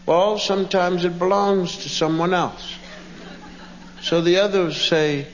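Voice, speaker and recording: Man, stand-up comic, slow and unhurried, high voice, dull echoing live hall recording. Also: a bit bright, a little hiss or hum. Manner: acts out family voices, squealing child impressions. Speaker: stand-up comedian. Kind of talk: stand-up storytelling. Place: stage before a laughing audience.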